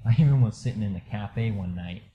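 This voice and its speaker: A man candidly telling a personal story in a casual, rambling way, full of fillers, going quiet at the low moments. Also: brisk, lo-fi sound, a little hiss or hum. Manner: candid, rambling, many fillers, drops soft when reliving low moments. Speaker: storyteller sharing a personal experience.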